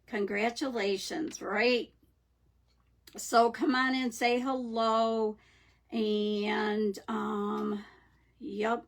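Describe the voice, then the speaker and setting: A woman's voice: on the high side, gravelly, husky. A middle-aged woman hosting a live craft stream, chatting casually and greeting viewers by name.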